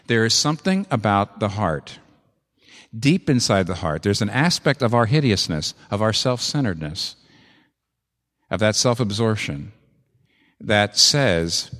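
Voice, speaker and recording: A man preaching a sermon with an animated, emphatic delivery, repeating phrases for effect. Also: on the low side, moderate pace, big-room sound.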